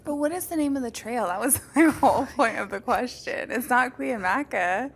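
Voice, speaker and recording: A woman's voice: on the high side, moderate pace, gravelly, a little hiss or hum. A woman co-hosting a podcast in casual chat, probing for details with pointed questions. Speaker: podcast co-host.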